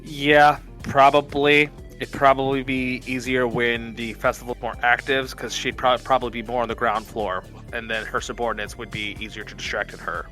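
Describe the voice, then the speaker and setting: A man's voice: mid-range voice, flat delivery, normal speed, few pauses, sharp tone. A man playing a tabletop game, talking casually in character, reassuring and rambling with many fillers, over light background music. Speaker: player.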